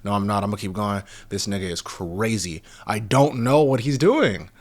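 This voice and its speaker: Lower-pitched young man ranting on a podcast. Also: animated, moderate pace. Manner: heated, rambling, heavy swearing. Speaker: podcast host. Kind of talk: profane casual podcast rant.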